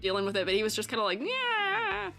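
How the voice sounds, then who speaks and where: A young woman streamer telling a rambling, animated story, laughing often and acting out voices. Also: medium pitch, rapid-fire, soft background music.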